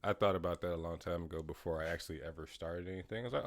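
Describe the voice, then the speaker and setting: A man with a very low voice co-hosting a casual podcast. He talks in a dry, joking way and stammers on purpose for comic effect. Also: quick pace, few pauses. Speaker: podcast co-host. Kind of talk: casual chat.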